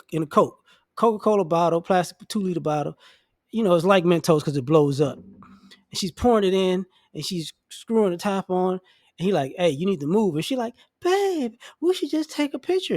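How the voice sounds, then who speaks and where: A man's voice: gravelly, a little mellow, no echo, studio quality. Blunt, profane man ranting. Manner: blunt, profane, mocking, acts out quoted people in high voices. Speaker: commentary vlogger. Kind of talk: casual ranting monologue.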